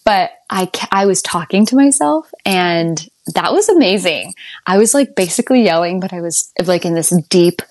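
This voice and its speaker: Animated woman telling her birth story. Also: normal speed, no room sound, studio quality. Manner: animated, laughs often, jumps up high when quoting herself. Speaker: podcast guest sharing her birth story. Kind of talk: casual conversational storytelling.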